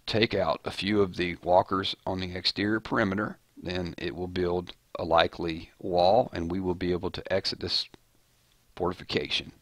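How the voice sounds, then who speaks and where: A man's voice: deep voice, level tone, normal speed, fairly bright tone, dry recording. A man doing an impression of a pedantic, formal man who speaks in a stiff, overly precise way. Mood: deadpan.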